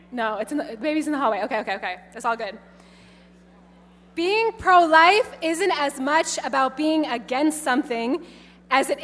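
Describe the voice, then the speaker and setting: A nun with a New York accent giving a faith talk to young people, telling stories with energy and repeating her key phrases. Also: a little high. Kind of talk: faith talk to high schoolers. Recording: echoey hall with faint hum.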